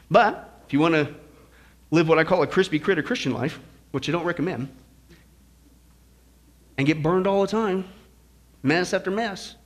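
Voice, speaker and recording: A male pastor preaching a sermon in a church, folksy and joking, with shifting emphasis. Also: high-pitched.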